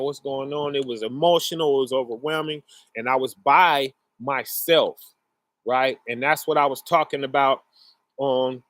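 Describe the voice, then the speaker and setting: A middle-aged man telling a personal story in a casual, earnest way, often checking in with the listener, his pace swinging between rushed and slow. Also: mid-range voice, a bit bright, dry recording. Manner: conversational, often checks in with "right?" and "you know".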